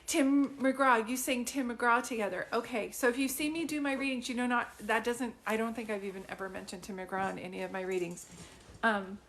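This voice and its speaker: A young woman with a slightly high voice gives a live reading to one viewer. She talks in a drowsy, halting way, with many fillers and restarts. She is emotional throughout. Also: steady tone, fairly bright tone. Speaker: psychic medium.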